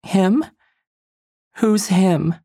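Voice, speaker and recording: The reader voices a shaken, blunt young woman in a storybook, her lines high and tight. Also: very slow, dark tone, dry recording, studio quality. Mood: incredulous.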